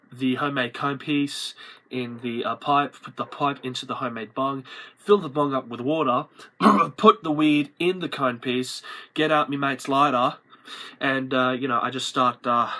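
Sketch role: a man doing a slack Australian stoner teen, rambling, bright voice, lots of hesitations. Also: medium pitch, close to an everyday voice. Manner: rambling, halting, casual slang. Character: lazy teenage Australian stoner boy who skips school. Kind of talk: comedy sketch character.

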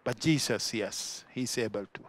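Sri Lankan pastor preaching with dynamic emphasis. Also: male voice, normal speed. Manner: swings between loud emphatic peaks and quiet low asides. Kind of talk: sermon. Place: church.

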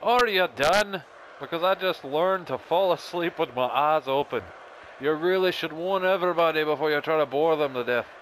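A man putting on a raised voice for an arrogant, menacing male wrestling heel, loud, mocking and threatening. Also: on the high side, moderate pace, a little hiss or hum, pitched above the performer's own voice, natural voice, poor audio. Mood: taunting.

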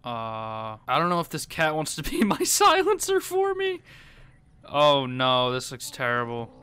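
A man giving gameplay commentary, panicking and pleading in fast repeated bursts. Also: mid-range voice, wildly swooping pitch, bright, forceful tone, clean tone. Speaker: gaming YouTuber.

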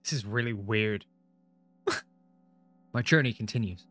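A man's voice: on the low side, slow pace, fairly bright tone, no echo, faint music behind. A young man reading a visual novel aloud and reacting to it, with casual talk, frequent swearing and laughs between lines. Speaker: gaming streamer.

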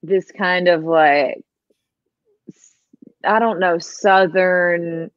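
A young woman from Georgia with a lowish voice, talking as a guest in a relaxed podcast chat. She laughs a lot and scatters filler words through her answers. The sound is dry and a little dull, as if on a modest mic. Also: takes it slowly, no echo. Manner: chatty, laughs often, lots of "like" fillers. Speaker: guest musician. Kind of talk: casual podcast interview.

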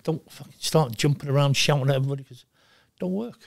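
An older man in his sixties, talking bluntly and with lots of swearing in a casual interview, telling animated stories. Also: medium pitch, fast, vocal fry, no echo, studio quality. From Wales. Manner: blunt, profane, animated storytelling. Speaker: guest, former goalkeeper.

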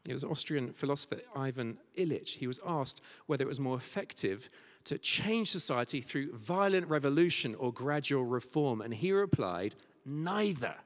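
A man preaching a sermon and telling stories, sometimes dropping to a soft near-whisper for quoted words. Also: mid-range voice, lively intonation, normal speed. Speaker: guest preacher. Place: large church. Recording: church hall reverb.

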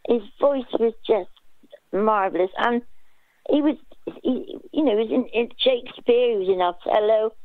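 A woman's voice: a little high, moderate pace, dry recording. A woman calling a talk show, speaking in a hesitant, enthusiastic way. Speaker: caller. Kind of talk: phone-in call. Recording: dry tinny phone line.

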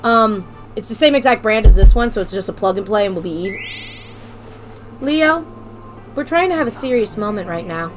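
A woman's voice: medium pitch, expressive, fairly quick, over music. A woman streaming a video game, chatting casually and bluntly, her mic set off to one side. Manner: loud, blunt, joking. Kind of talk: casual gameplay stream chat. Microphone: desk mic off to the side.

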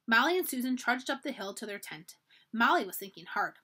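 A woman's voice: fairly high pitch, very animated, brisk, sharp tone, breathy edge. A woman reading a children's storybook aloud for a library, narrating expressively.

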